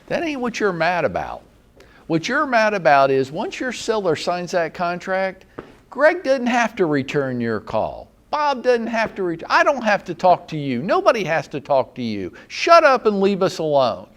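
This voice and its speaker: A man with a Southern American accent giving a blunt, sarcastic, animated training talk to real estate agents. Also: high-pitched, moderate pace. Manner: blunt, sarcastic, mock-scolding.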